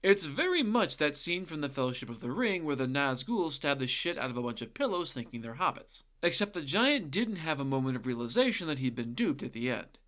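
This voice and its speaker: A man's voice: on the high side, sing-song, a little fast, few pauses, a bit bright. A man retelling a folktale as a podcast host, irreverent and sarcastic, often swearing and adding asides. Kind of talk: comedic narration of folktales.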